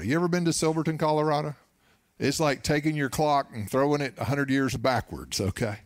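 A man pastor preaching a radio sermon in a folksy storytelling manner, moving between hushed asides and emphatic points. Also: mid-range voice, animated, fast, no echo, studio quality. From Oklahoma.

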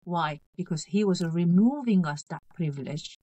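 A woman in her fifties, raised in North Korea, speaks as an interview guest in a slightly low voice. She is halting and earnest, repeats phrases and keeps checking that she is understood. The sound is dry and close. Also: expressive, warm tone, no room sound, poor audio. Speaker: author guest. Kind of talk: interview conversation.

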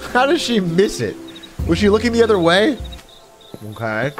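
A man streaming a puzzle game live, giving excitable, sarcastic commentary with frequent swearing and laughter. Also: sits high, normal speed. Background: game music.

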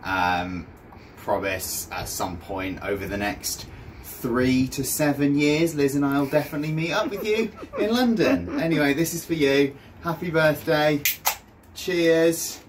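Man, medium pitch, teasing jokey tone, distant mic, faint noise. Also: measured pace. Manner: warm teasing, laughing.

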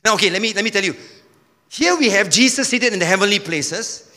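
A man preaching a sermon with energy, now and then rising to a shout. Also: high voice, animated, brisk, in a large hall. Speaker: pastor.

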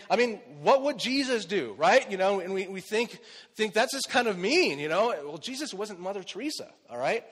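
A man's voice: sits high, fairly bright tone, big-room sound. A man preaching a sermon as pastor, in a conversational way, often asking rhetorical questions and checking in with "okay?" and "right?". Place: church.

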